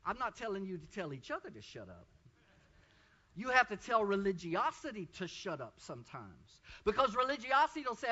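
Fervent male preacher, high piercing voice that rises into shouts, heard on a dull lo-fi recording. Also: wildly swooping pitch, a little fast. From Texas. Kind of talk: sermon.

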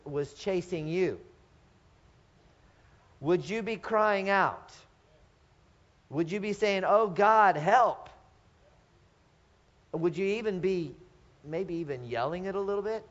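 A middle-aged male pastor preaches in a slightly raised voice, earnest and searching. He keeps turning to his listeners with questions and starts his phrases over. The recording has a dull, lo-fi sound. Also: high-pitched. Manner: earnest, asks the congregation rhetorical questions, restarts phrases. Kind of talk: sermon.

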